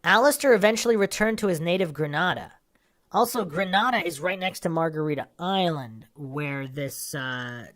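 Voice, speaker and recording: A woman hosting a true crime podcast, casually talking through a case and reading a magazine article aloud with brief asides. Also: sits low. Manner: casual, with asides between read passages. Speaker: podcast host.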